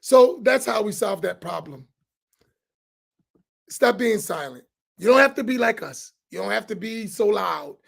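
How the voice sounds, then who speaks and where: A man preaches at full force, challenging his listeners and hammering his points through repetition. His voice sits very high and has a gravelly edge. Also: lively intonation, unhurried, long pauses. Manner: loud, challenging, repeats phrases for emphasis. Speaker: imam on a roundtable. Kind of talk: impassioned preaching to an audience.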